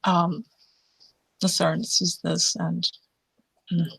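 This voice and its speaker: A woman playing a tabletop role-playing game, speaking haltingly with a gravelly voice. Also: fairly low pitch, flat delivery, a bit bright. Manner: halting, formal in-character phrasing. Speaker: player. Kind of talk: tabletop role-play, in character.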